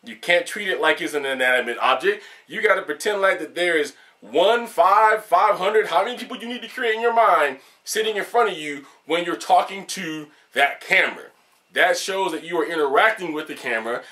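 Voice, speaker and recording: A man's voice: on the high side, fairly bright tone. A man who reviews video games, talking unscripted and directly to his camera, emphatic and candid with his viewers.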